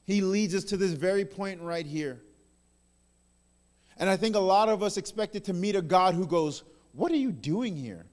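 High-voiced male preacher in a big hall. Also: moderate pace, pauses often. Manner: swings between loud emphatic bursts and soft hushed phrases. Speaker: pastor. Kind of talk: sermon. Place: large church hall. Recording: long reverb in a large hall.

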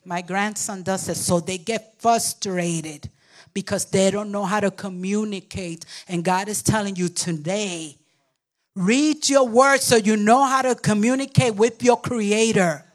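An older woman pastor preaching a sermon with emphatic call-and-response to the congregation, sometimes acting out babbling toddlers. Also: unhurried. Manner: acts out babbling toddlers in a squeaky voice.

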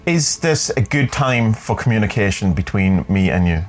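Low-voiced man musing aloud. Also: expressive, moderate pace, soft background music. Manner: rambling, thoughtful, searching for words. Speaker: podcast host. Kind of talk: reflective spoken vlog.

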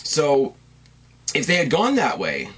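A man's voice: on the high side, wildly swooping pitch, slow, fairly bright tone, breathy edge. A man giving a casual, rambling and enthusiastic recap commentary, often correcting himself mid-sentence. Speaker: wrestling commentator.

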